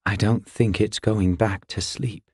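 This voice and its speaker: A man's voice: fairly low pitch, steady tone, measured pace, darkish tone, slightly rough, dry recording, studio quality, exaggerated voice. A man reading a brooding young warrior. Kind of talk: audiobook character voice.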